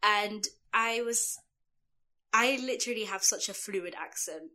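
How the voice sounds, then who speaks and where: A young woman with a London accent talks in an easy podcast chat. Her voice is bright and clear, with middling pitch. She gushes and leans on "like" and "you know" as she goes. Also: unhurried. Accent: London English. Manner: chatty, gushing, fillers like "like" and "you know". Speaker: podcast co-host. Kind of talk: casual chat.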